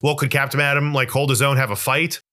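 A man's voice: mid-range voice, little pitch movement, quick pace, bright, forceful tone. A man co-hosting a podcast in casual movie chat, ranting animatedly with lots of swearing, his voice jumping up when he gets worked up. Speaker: podcast co-host.

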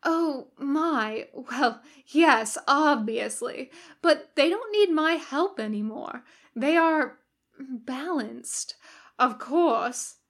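A woman reading a story aloud, voicing a gentle, bookish male angel with a prim, fluttery manner. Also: sits high, very slow, full character voice. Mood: earnest.

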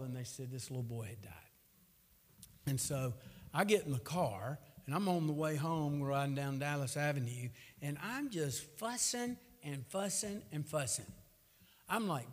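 A man's voice: fairly high pitch, big-room sound. A middle-aged man, preaching a sermon in a folksy, storytelling way that rises to fervent.

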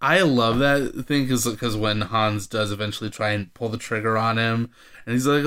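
Casting note: male co-host, lowish voice, relaxed, explanatory film chat. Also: moderate pace, smooth. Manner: explanatory, hesitant with fillers. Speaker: podcast co-host. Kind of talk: casual film discussion.

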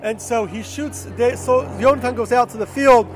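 A man's voice: very high voice, normal speed, faint music behind. A man casually retelling a Bible story, with fillers and self-corrections.

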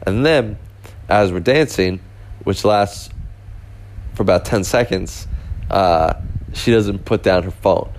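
A man's voice: on the low side, slow, pauses often, a little mellow. A young man casually telling a rambling story, full of fillers and restarts. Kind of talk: casual anecdote.

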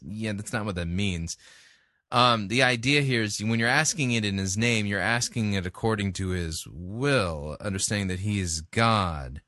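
A man's voice: on the low side, unhurried, bright, forceful tone, no room sound, clean studio sound. Blunt-talking man critiquing a sermon. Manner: conversational and blunt, with fillers. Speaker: host. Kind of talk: commentary.

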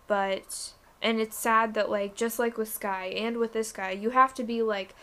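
Young female co-host, slightly high voice, candid casual chat with a lively edge. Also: a little slow. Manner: candid, animated, swears casually. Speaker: podcast co-host.

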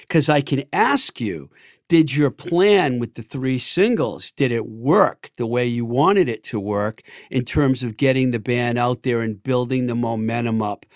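A man of middle pitch hosts a relaxed interview, asking questions and chiming in with short reactions. The sound is dry and close. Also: moderate pace, no echo. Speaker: interview host. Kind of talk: casual interview chat.

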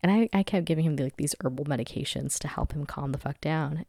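A young woman in her twenties chats through her own podcast from home. Her voice sits low and gravelly, with a dry, close sound. She talks candidly, swears freely and laughs often. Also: steady tone, normal speed, few pauses, darkish tone, no room sound. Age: 20s. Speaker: podcast host. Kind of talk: casual solo podcast chat.

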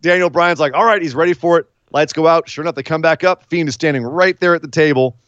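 A man co-hosting a casual chat, retelling events blow by blow in an animated way. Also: fairly high pitch, fast, dry recording, dull audio. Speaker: podcast co-host. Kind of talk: casual wrestling recap chat.

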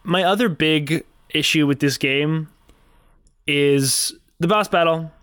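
Bright, crisp-voiced man chatting about games. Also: on the high side, takes it slowly, no room sound, clean studio sound. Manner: joking, animated storytelling. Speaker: podcast co-host. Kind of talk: casual gaming podcast chat.

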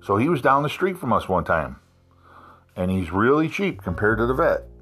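A man from South Carolina casually telling a profane, animated anecdote. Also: lowish voice, normal speed, husky, soft background music. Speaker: storyteller. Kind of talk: casual storytelling.

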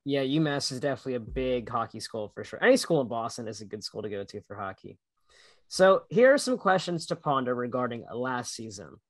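A man's voice: medium pitch, lively intonation, a little fast, dry recording. A man hosting a casual sports podcast who reacts with short, upbeat exclamations. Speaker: podcast host. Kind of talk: casual interview.

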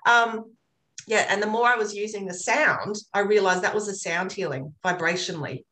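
A woman's voice: mid-range voice, normal speed, sharp tone. A woman talking earnestly about her work as an energy healer, a chatty and rambling storyteller. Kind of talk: casual interview chat. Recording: roomy echo.

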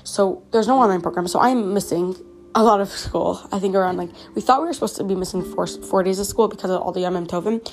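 A woman's voice: mid-range voice, fast talker. A teenage girl from Canada, slightly sick, hosting her own podcast in a chatty, earnest way with many fillers and restarts. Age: teens. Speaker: podcast host. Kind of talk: casual personal podcast monologue.

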